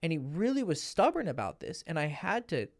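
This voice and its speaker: A man speaking as a dating coach in a loose, storytelling monologue, blunt and swearing freely. His pitch moves a lot and stays lively throughout. The sound is dry and close, with no room around it. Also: fairly quick, dry recording. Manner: blunt, profane, animated.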